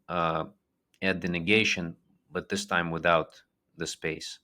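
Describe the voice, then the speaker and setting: A man's voice: deep voice, level tone, measured pace, pushed and bright. A man giving a language lesson, patiently drilling words and repeating them, with fillers and restarts as he explains. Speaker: language teacher.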